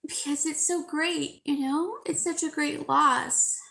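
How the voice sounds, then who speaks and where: A woman live-streaming to her viewers, crying and talking haltingly with a sore throat, often repeating herself. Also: sits high, fairly even intonation, creaky, bright, forceful tone, a little hiss or hum. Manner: tearful, halting, repeats words.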